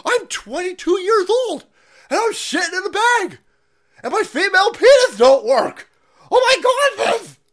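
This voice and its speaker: A man mockingly voicing a whiny, self-pitying young adult in a high falsetto wail. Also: big pitch swings, unhurried, fairly bright tone, exaggerated voice. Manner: falsetto wailing, exaggerated.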